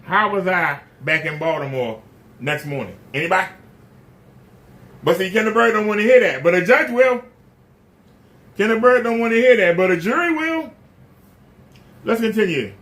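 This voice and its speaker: Indignant high-voiced man ranting to camera. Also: animated, moderate pace, long pauses, a bit bright. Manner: indignant, repeats points, rhetorical questions. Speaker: YouTube channel host. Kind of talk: casual rant to camera.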